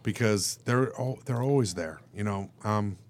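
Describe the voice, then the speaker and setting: A man, an actor guest on a radio show, telling stories in a casual, animated way and acting out the voices of the people in them. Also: lowish voice, moderate pace, a little hiss or hum. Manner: animated, acts out quoted voices, turns emotional. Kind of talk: casual storytelling in a radio interview.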